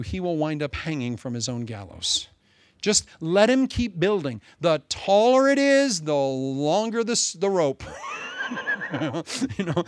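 Male pastor, lively storyteller, slightly high voice, dry close recording. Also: no echo. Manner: animated storytelling with humorous asides. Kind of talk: sermon.

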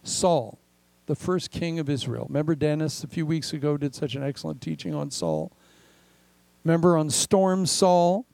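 An older man preaching a sermon as pastor, animated and acting out the voices he quotes. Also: on the high side, a little fast, vocal fry, dry recording, low-quality recording.

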